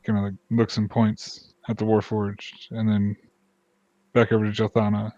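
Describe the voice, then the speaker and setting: A man's voice: lowish voice, completely flat delivery, moderate pace, dark tone, dry recording, lo-fi sound. A man narrating a tabletop game as game master, rambling and hesitant, with many fillers.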